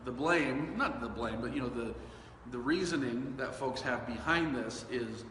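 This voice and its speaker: A man's voice: medium pitch, measured pace, a bit bright. A man hosting a casual dog-training podcast, talking in a loose, conversational way with fillers and self-corrections. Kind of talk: casual solo podcast talk. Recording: echoey room with long reverb and faint hiss.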